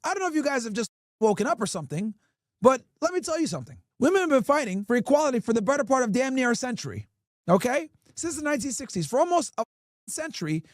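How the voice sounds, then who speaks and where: A man's voice: extremely high pitch, no echo, studio quality. A man streaming to his chat, ranting emphatically and mockingly with lots of rhetorical questions. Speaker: streamer and podcast host. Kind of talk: ranting commentary to a live chat.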